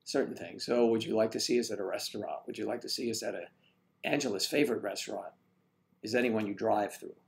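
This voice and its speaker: A man's voice: on the low side, fast talker, vocal fry. A man hosting a casual live stream, rambling and joking as he greets viewers and reads their comments aloud.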